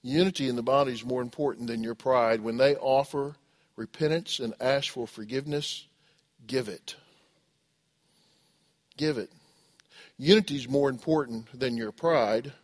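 A man's voice: medium pitch, normal speed. A middle-aged man preaching a sermon, asking the congregation questions and acting out the voices he quotes. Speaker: pastor.

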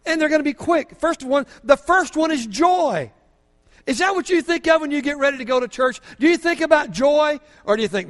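An older man preaching a sermon as pastor, fervent, moving from quiet asides to shouting praise, in a church. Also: very high voice, normal speed. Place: church sanctuary. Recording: long hall reverb from a church.

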